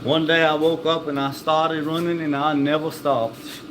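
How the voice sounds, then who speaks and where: A man with a fairly high voice talks casually, rambling between jokes and laughing at his own tangents. The recording is noisy, with a steady air-conditioning hum and vehicle sound behind him. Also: normal speed. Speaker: vlogger. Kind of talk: casual chat.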